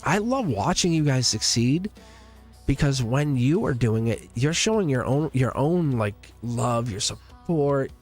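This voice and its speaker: A man with a mid-range voice hosts a live tarot stream, chatting in a loose, earnest ramble full of "um"s, restarts and little laughs. Soft music plays faintly behind him. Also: medium pitch, lively intonation, a little slow. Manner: laughs often between thoughts. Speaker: tarot reader hosting a livestream. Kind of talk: casual livestream chat.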